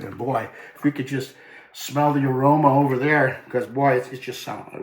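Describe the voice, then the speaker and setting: A chatty man, hosting a cooking demonstration in his home kitchen with lively exclamations. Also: medium pitch, moderate pace, roomy sound. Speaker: cooking show host.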